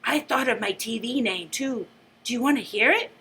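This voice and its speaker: A woman reading aloud voices an excitable teenage boy who ends his sentences like questions. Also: a little high, moderate pace, husky, heavily acted. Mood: excited. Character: excitable teen boy, martial arts fan.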